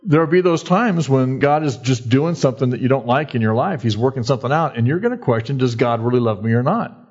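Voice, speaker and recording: A man's voice: medium pitch, expressive, fast talker, a little mellow, slightly rough, lo-fi sound. A man preaching a sermon in a conversational, folksy way, acting out quoted voices by raising his voice. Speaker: pastor.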